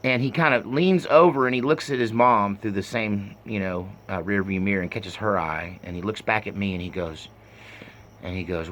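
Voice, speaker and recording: A man in his fifties tells stories from his younger days, wandering through the details with plenty of fillers. He is self-mocking and laughs at himself as he goes. His voice is bright and forward. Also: low-pitched, normal speed. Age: 50s. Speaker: storyteller. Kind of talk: personal storytelling.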